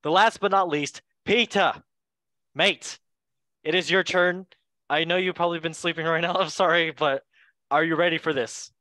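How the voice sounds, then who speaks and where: A man hosting a casual chat, playful and joking with quick asides. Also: on the high side, fairly even intonation, pushed and bright, dry recording. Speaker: host.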